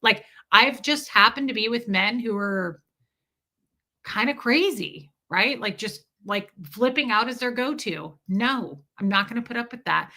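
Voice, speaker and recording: A woman's voice: on the high side, measured pace, pushed and bright. A woman hosting a casual livestream, talking candidly and emphatically while answering viewer chat, swearing freely and often repeating herself.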